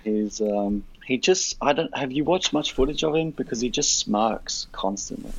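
A man's voice: mid-range voice, normal speed, gravelly, husky, lo-fi sound. An Australian man, a podcast guest, telling a story in blunt, profane casual chat.

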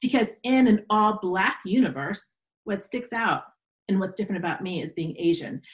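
Animated woman telling a story. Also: normal speed, rough recording. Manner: animated storyteller, acts out quoted voices in a higher pitch. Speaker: podcast guest, educator. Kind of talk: casual storytelling interview.

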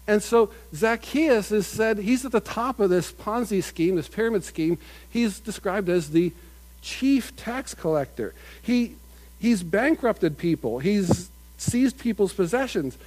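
A man's voice: high-pitched, darkish tone, low-quality recording. A man preaching a conversational sermon, often repeating and restarting his phrases. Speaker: pastor.

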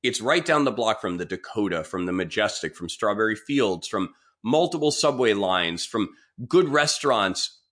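Male podcast host from New York, storytelling monologue, animated, slips into voices for quotes. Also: fairly low pitch, normal speed. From New York City. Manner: chatty, animated, voices others in quoted asides. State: sick with Covid.

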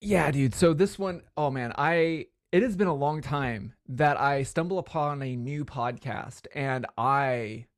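A man's voice: mid-range voice, measured pace, hardly any pauses, no echo, studio quality. A man co-hosting a podcast, chatting in a rambling, enthusiastic way. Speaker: podcast co-host. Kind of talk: casual chat.

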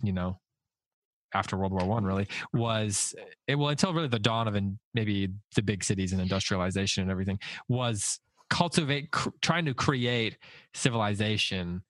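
A man with a lowish voice hosts a relaxed book talk. He circles his points, stops and restarts his sentences as he thinks aloud. The sound is dry and close. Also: moderate pace, dry recording. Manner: rambling, many restarts and self-corrections. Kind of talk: casual literary discussion.

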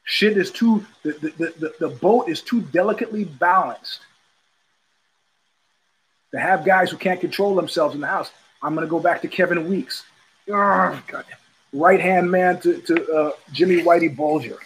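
A man's voice: fairly high pitch, normal speed, husky, poor audio. A man hosting his own show, telling stories in a blunt, profane, casual monologue and repeating phrases for emphasis. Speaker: podcast host.

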